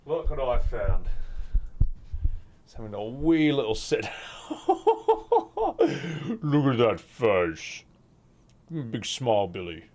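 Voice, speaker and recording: A man's voice: mid-range voice, huge pitch swings, extremely slow, long pauses, a little mellow. A young adult man, chatting casually to his stream audience and cooing at his cat. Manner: affectionate baby talk to his cat. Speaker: game streamer.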